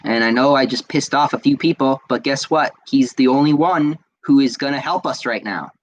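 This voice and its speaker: A man's voice: mid-range voice, moderate pace, rough recording. A man from the United States hosting a solo podcast, ranting angrily and swearing, repeating himself with frequent fillers. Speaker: podcast host. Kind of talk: casual solo podcast rant.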